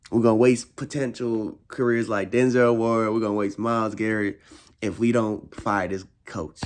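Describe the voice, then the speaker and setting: A young man, a frustrated football fan, ranting in casual slang, repeating himself and swinging his voice high in exasperation. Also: little pitch movement, moderate pace. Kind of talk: casual rant.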